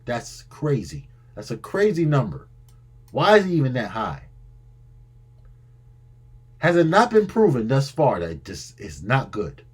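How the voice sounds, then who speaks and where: A husky man hosts a reaction video in an exasperated, scolding tone. His pitch leaps around with lively swings. He repeats lines and trips over his own words as he lectures. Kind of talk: animated reaction commentary.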